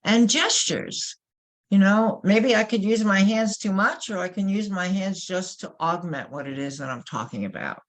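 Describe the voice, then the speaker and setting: Presenting a workshop webinar at normal speed and medium pitch, a New York-accented woman speaks emphatically and with animation. She asks rhetorical questions, and a webinar microphone captures her voice.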